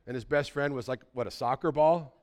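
A man's voice: medium pitch, fairly quick. A pastor in his sixties preaching a sermon in a conversational storytelling way, often checking in with his listeners.

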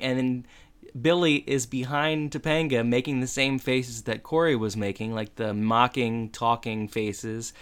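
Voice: mid-range voice, fairly even intonation, slow, fairly bright tone, clean tone. A podcast co-host casually retelling a TV episode, acting out the characters' lines. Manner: storytelling, acts out lines in raised voices. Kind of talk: casual chat recapping a TV episode.

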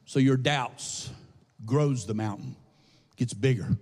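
A man preaching a lively call-and-response sermon that rises into sung shouts, recorded in a large church hall. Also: medium pitch, a little slow. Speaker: pastor. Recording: husky voice, long hall reverb.

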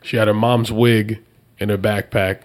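A man's voice: lowish voice, moderate pace. Guy guest spinning funny stories, laughs a lot, does the kids' voices. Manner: animated, laughing storyteller who acts out kids' voices. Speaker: podcast guest, jiu-jitsu instructor. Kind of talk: casual storytelling.

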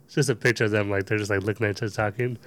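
A man's voice: fairly low pitch, fairly even intonation, very fast. A man in casual podcast chat, amused while telling a story.

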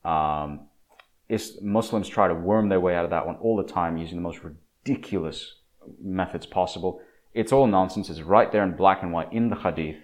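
A man's voice: sits low, moderate pace. A man delivering an opinionated monologue in a preachy, emphatic way, often stumbling and repeating words.

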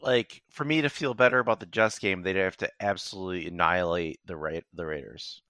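A man's voice: low-pitched, a little fast, bright, forceful tone, no echo. A man co-hosting a casual sports podcast, laid-back and hesitant, giving short replies. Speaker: podcast co-host.

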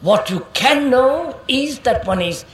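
A woman speaks to an audience in a reflective public talk. Her voice moves a lot in pitch as she presses questions. She keeps checking that listeners follow and calls them sir. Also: lively intonation, slow pace, a little hiss or hum.

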